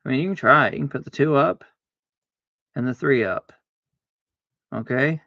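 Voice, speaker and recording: A man streaming a card game, chatting casually to himself, arguing back and forth aloud with sudden excited exclamations. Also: medium pitch, moderate pace, vocal fry, no room sound, dull audio. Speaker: livestreamer playing solitaire. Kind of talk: casual self-talk while gaming.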